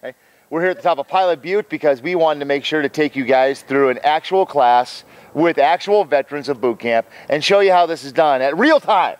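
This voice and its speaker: A fairly high-voiced man walks viewers through fitness drills with playful energy. He keeps checking in with "okay?" between cues. He is recorded outdoors on a hilltop. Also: fairly quick. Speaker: fitness trainer. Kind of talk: instructional demonstration.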